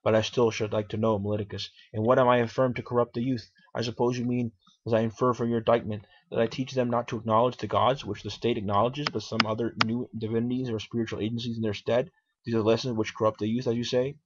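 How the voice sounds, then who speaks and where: Lightly acted, this dramatic reading has a man portraying an elderly philosopher who defiantly argues and questions in his own defense before a court. His mid-range voice moves quickly with little pitch movement, captured on a dull lo-fi recording.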